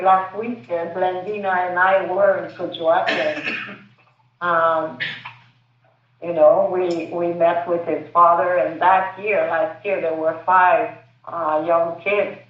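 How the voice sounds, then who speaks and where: A hesitant woman filmmaker gives a panel answer, pausing often to find her words. She speaks slowly, and her voice comes from far off in an echoey room. The sound is thin and phone-like. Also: on the low side. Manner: hesitant, searching for words, many fillers. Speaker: filmmaker answering audience questions.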